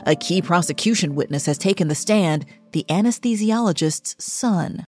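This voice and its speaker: A low-voiced woman hosts a true crime news podcast, reading her scripted narration clearly and evenly. Music plays softly underneath her. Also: lively intonation. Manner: clear, measured newsreader delivery. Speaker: podcast host.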